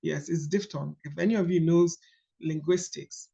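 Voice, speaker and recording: A woman in her thirties with a Nigerian accent, leading a coaching call on a book study in a lively, emphatic teaching manner. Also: low voice, moderate pace, creaky, lo-fi sound. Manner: animated, storytelling, emphatic. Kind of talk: casual teaching talk.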